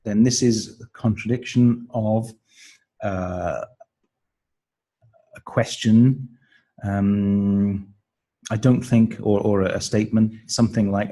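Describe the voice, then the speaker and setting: A man talks teachers through a lesson plan in an unhurried, measured way. His voice sits low, with a husky grain to it. He sounds like a patient teacher trainer explaining each step. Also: fairly even intonation, dark tone, rough recording. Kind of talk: instructional explanation.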